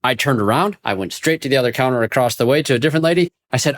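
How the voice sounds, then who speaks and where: A man hosting a podcast who tells personal anecdotes in an animated way and laughs easily. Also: medium pitch, racing. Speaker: podcast host. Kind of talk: conversational podcast chat.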